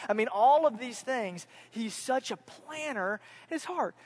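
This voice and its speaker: Man, 30s, from Central Florida, pastor preaching, fairly high voice, earnest, repeats key points. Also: lively intonation, measured pace, few pauses, slightly rough. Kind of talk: sermon.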